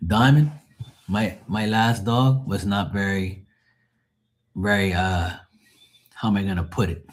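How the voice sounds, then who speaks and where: A low-voiced man chats on a live stream in a loose, rambling way. He jokes and swears freely as he talks to viewers. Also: steady tone, measured pace. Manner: rambling, profane, joking. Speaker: live tarot reader and streamer. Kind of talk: casual live-stream chat.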